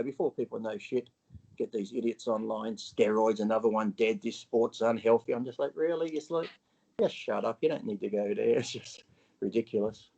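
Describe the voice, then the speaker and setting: A gravelly-voiced Australian man talks as an interview guest. He tells his story bluntly and profanely, slipping into the voices of people from it. The audio is muffled and lo-fi. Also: mid-range voice, mellow. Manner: blunt and profane, acts out his own past dialogue.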